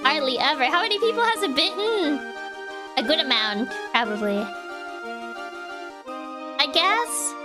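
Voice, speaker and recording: A woman's voice: high-pitched, sing-song, measured pace, pauses often. A woman streaming a game with casual, playful commentary and muttered asides. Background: game music.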